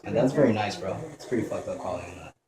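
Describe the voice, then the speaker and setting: A man's voice: low-pitched, fast talker. A young man giving profane, joking commentary while playing a video game and talking back at the enemies. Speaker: gameplay commentator. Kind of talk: let's play commentary. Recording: echoey room with steady noise.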